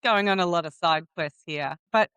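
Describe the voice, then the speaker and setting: A woman's voice: fairly low pitch, normal speed, fairly bright tone, clean tone, no room sound. A woman in her forties hosting a casual interview, chatty and encouraging, laughing easily. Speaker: podcast host.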